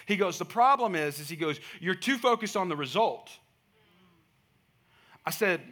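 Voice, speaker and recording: A man preaching a sermon, telling a lively personal story and building to emphatic, rising points. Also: high-pitched, moderate pace, long pauses. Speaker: pastor.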